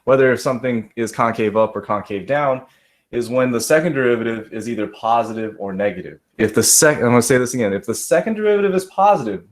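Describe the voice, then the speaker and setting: Chatty male math teacher checking in. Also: medium pitch. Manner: casual, checks in often with "right?"; talks to students by name, self-deprecating asides. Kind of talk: live classroom lesson.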